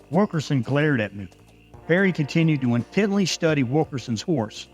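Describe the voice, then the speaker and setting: A man's voice: on the high side, animated, normal speed, faint music behind. A man narrating a first-person ranch story in a dry, folksy way, with a Texan accent.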